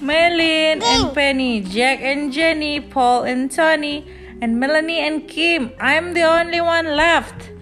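A woman's voice: high-pitched, slow pace, music in the background. A woman voicing a frightened little schoolboy who pleads urgently. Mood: frantic.

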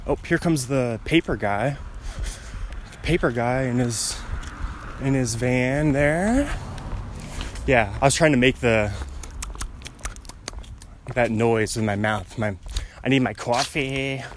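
Out on a residential street, a young man walks and talks to himself for his vlog, meandering through ideas and chuckling a lot. He speaks slowly in a medium pitch with long pauses, and a slight hiss or hum is audible.

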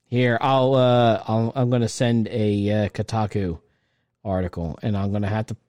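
A man co-hosting a casual podcast, excitable and laughing often as he reads gaming news aloud. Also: fairly low pitch, normal speed, dry recording, studio quality. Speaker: podcast co-host.

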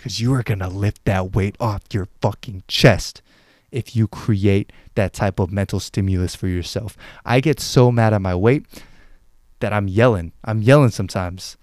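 A man's voice: on the low side, normal speed, darkish tone, dry recording, studio quality. A man hosting a motivational podcast, urging listeners on with intense exhortation and frequent swearing. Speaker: podcast host.

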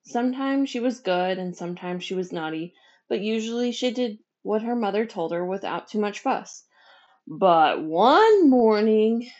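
A woman reading a children's book chapter aloud, with lively, expressive delivery. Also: mid-range voice, lo-fi sound. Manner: expressive, animated. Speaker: storybook reader. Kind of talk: children's story read-aloud.

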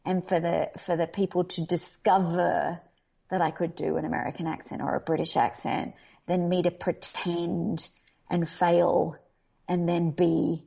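Australian woman, low-pitched, gravelly, husky, candid interview talk, dull lo-fi sound. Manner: candid, animated, quick to laugh. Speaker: voice actor guest. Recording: dull lo-fi audio.

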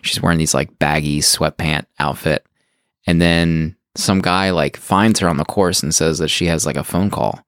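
Male co-host, very low, dry close sound, rambling casual chat. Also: fairly even intonation, moderate pace, fairly bright tone, no room sound. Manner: rambling, enthusiastic, many fillers. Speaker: podcast co-host.

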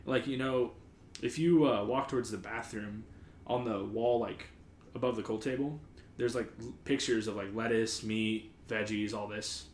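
A man's voice: fairly low pitch, moderate pace, a little hiss or hum. Rambling male podcast host, echoey room. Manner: rambling, many "like" fillers, animated retelling. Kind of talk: casual storytelling chat.

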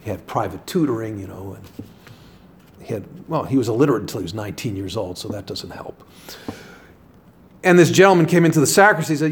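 A man's voice: fairly low pitch, fast talker, long pauses. Priest guy giving a meditation, chatty and loose, lots of you-knows, faint hiss behind. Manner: conversational, many fillers, animated storytelling. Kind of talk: spoken meditation.

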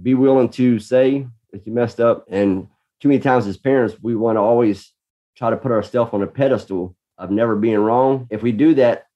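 A man's voice: mid-range voice, normal speed, muffled recording. A man in a casual conversation, earnestly telling a story about being a parent. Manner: earnest storyteller, reenacts his own shouting.

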